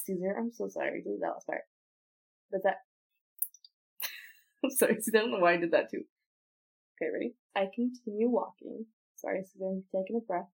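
A woman's voice: medium pitch, a little fast, vocal fry, pauses often. A woman hosting a podcast in casual outtakes, laughing, apologizing and restarting her story lines again and again. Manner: breaks off to retry story lines. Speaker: podcast host.

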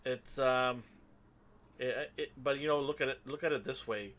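A man's voice: medium pitch, normal speed, a bit bright. A man hosting a casual discussion podcast, leading the talk with playful, mock-sarcastic teasing. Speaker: podcast host.

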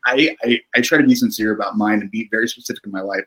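A middle-aged male therapist with a low voice speaks in a calm, reflective way on a podcast, often tagging his points with "right?". He explains things patiently. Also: quick pace, low-quality recording. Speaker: therapist guest. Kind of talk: podcast conversation.

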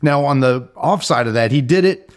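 A man co-hosting a podcast in a studio, speaking in a relaxed, casual way and laughing easily. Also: mid-range voice, moderate pace. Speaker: podcast co-host.

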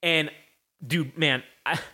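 A man's voice: fairly high pitch, slow. A young man hosting a podcast, telling a long story in a casual, profane way and acting out voices as he goes. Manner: animated, profane, acts out voices in his story. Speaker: podcast host.

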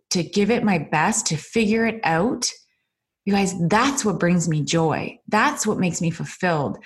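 Earnest woman podcaster, slightly low voice. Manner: earnest and emotional, with many fillers and repeated "you guys". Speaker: podcast host and business coach. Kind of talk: unscripted motivational podcast monologue. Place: indoors at a computer. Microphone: computer mic.

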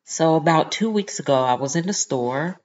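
A woman hosting a podcast, telling a story in an animated, indignant way and acting out the people in it. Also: low-pitched, moderate pace, lo-fi sound. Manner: animated, indignant storytelling with lively quoted voices. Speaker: podcast host. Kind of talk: casual storytelling monologue.

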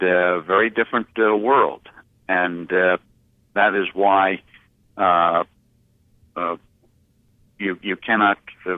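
A man with a very low voice answers interview questions slowly and haltingly, stopping often on filler sounds and restarting his phrases. The sound is thin and phone-like, with no room around it. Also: no echo. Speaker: interview guest, publisher. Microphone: phone line. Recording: tinny phone line, dry.

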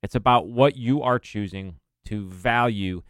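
A man co-hosting a money podcast, speaking in a relaxed way and thinking aloud as he builds on a point. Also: lowish voice, measured pace, no room sound, clean studio sound. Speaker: podcast co-host. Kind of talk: casual podcast talk on money.

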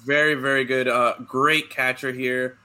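A man hosting a casual podcast chat, opening baseball cards and telling animated stories, often saying "bro". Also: mid-range voice, unhurried. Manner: animated storyteller, says "bro". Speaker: podcast host.

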